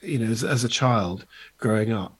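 A middle-aged man talks with a husky, slightly breathy voice, recorded close and dry. He rambles quickly through a casual chat and keeps slipping into bits of other voices. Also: on the low side, dry recording. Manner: quick, rambling, slips into voices mid-sentence. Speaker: guest impressionist.

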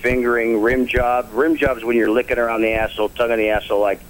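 A man co-hosting a talk show, joking crudely and deadpan. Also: medium pitch, quick pace, a little hiss or hum, rough recording. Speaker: co-host. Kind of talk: crude banter.

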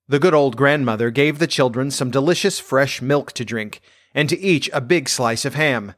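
Male storyteller, mid-pitched voice, gentle fairy-tale reading, dry close recording. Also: dry recording. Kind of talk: fairy tale read aloud.

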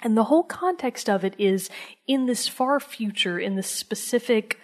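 A woman's voice: a little high, moderate pace. A woman co-hosting a podcast, chatting casually and with enthusiasm, sometimes dropping to a near-whisper for emphasis. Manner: enthusiastic, conversational, drops to a soft whisper for emphasis. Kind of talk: casual chat.

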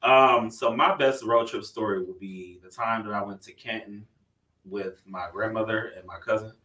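A man's voice: fairly low pitch, moderate pace, bright, forceful tone. A man from Toledo, Ohio, telling a story in a laid-back way and laughing often. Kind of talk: casual chat. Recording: roomy sound from a distant mic.

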